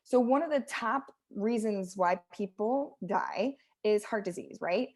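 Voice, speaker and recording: A woman's voice: medium pitch, unhurried. A woman co-hosting a casual health podcast, talking emphatically as a fitness coach and acting out what people say. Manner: animated, emphatic, acts out quotes. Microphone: close studio mic, audible breathing.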